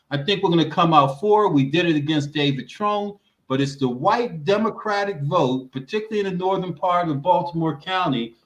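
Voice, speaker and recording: Emphatic man in an echoey room. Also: on the high side. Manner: emphatic, repeats words when starting. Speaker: political commentator. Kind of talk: roundtable discussion. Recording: roomy echo.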